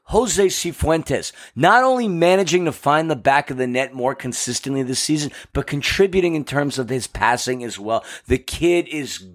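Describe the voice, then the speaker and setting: A man co-hosting a podcast, talking through a match with animated, joking banter. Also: a little high, moderate pace, hardly any pauses. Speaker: podcast co-host. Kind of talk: casual match recap.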